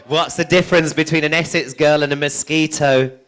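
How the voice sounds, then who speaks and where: A man's voice: a little high, steady tone, fairly quick, fairly bright tone. A man doing a crude, cheeky stand-up routine, telling jokes in a motherly stage persona. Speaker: stand-up comedian.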